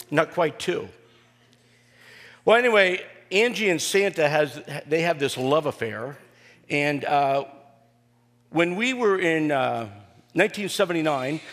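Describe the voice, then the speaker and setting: An older male pastor with a slightly high voice delivers a homespun sermon full of humor and filler pauses. His voice rings with the long reverb of a large hall. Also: fairly bright tone. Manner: folksy and joking, with frequent "uh" fillers. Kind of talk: sermon with personal storytelling.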